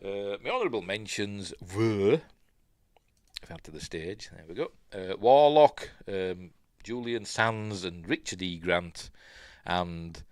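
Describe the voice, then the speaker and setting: An older man with a Yorkshire accent talks through his favourites in a loose, rambling way, often chuckling and drifting off to check details. His voice sits low but leaps around a great deal in pitch. The sound is dry and close. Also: lively intonation, takes it slowly, no room sound. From Yorkshire, England. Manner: rambling, chatty, laughs often, trails off to look things up. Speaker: podcast host. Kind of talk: casual solo chat.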